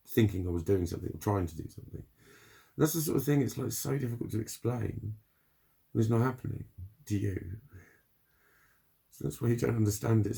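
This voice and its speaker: Gravelly low-voiced man. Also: warm tone. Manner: rambling, heavy swearing, frequent laughs. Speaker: vlogger. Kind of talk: casual spoken diary.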